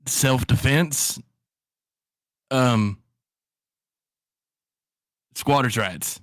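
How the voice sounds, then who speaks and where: A man's voice: mid-range voice, fairly bright tone, no echo. 30s guy playing d&d, stammery answers, dry mic, mid voice. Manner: halting, flustered in-character replies. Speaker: player. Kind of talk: tabletop game play.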